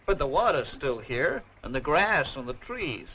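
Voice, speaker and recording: An actor playing an earnest young cowboy hero with a plain, friendly manner in an old puppet show. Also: male voice, a little high, sing-song, measured pace, sharp tone, slight background noise, full character voice, poor audio. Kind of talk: 1960s TV puppet show acting. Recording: old TV soundtrack with music underneath.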